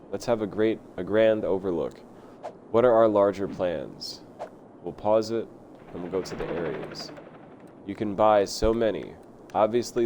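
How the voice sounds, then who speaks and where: A man streaming a city-building game live, rambling excitedly and talking to himself as he plays. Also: fairly low pitch, a little hiss or hum. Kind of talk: casual live gameplay commentary.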